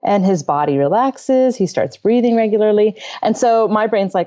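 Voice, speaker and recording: A woman's voice: medium pitch, normal speed, dark tone, highs cut off. A middle-aged woman on a parenting podcast, telling a story from home in an earnest, conversational way, laughing often and acting out quotes. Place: home bedroom.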